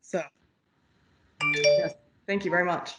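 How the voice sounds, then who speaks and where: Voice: medium pitch, fairly even intonation, takes it slowly, roomy sound, over loud music. A host on a video call, upbeat, thanking the guest speaker. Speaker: event host.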